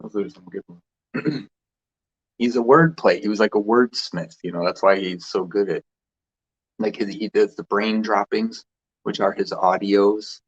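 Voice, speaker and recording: A man's voice: lowish voice, unhurried, slightly rough. Rambling man, muffled lo-fi sound. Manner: loose and rambling, with frequent restarts and laughs. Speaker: spiritual vlogger host. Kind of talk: rambling casual monologue.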